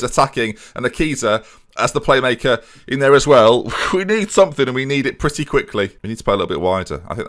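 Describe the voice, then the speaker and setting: A man's voice: medium pitch, a bit bright. A man commentating on his own football management game, chatty and talking straight to his viewers, given to exasperated outbursts. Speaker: video game streamer.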